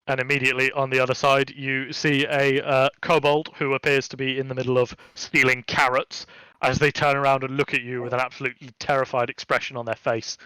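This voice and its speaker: Game master, dry sound. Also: male voice, medium pitch, a little fast, clear, resonant tone, dry recording. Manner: relaxed, chatty, with many fillers. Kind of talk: narrating a tabletop game.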